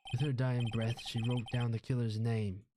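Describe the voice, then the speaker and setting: A man doing a gruff Boston-accented cop. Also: medium pitch, level tone, normal speed, background noise, natural voice. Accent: put-on Boston cop accent. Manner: tough-talking, tags lines with "see?". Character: gruff blustering male police detective. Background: game music.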